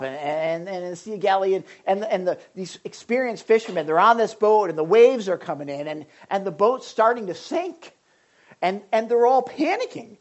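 Husky-voiced woman preaching conversationally. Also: medium pitch, dull audio. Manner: asks the audience questions, frequent restarts. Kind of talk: conversational sermon.

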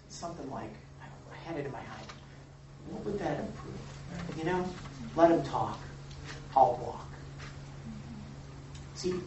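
A man pastor delivers a lively, conversational sermon. He is heard from a distance in an echoey room with faint ambience behind him. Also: on the high side, background noise. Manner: animated, acts out quoted voices, chuckles. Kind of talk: sermon with congregation. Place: church or meeting room.

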